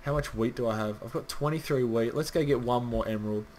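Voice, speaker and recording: A man's voice: mid-range voice, brisk, darkish tone, a little hiss or hum. A man rambling casually through gameplay commentary, swearing now and then and chatting straight to his viewers. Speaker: gaming channel host.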